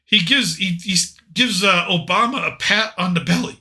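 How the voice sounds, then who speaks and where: Male podcast host, casual political chat, opinionated and joking, fairly high voice, very bright tone. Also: normal speed.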